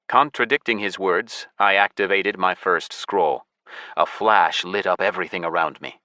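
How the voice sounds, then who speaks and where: Male audiobook narrator, low forceful voice, dry close studio sound, measured first-person reading. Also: no echo.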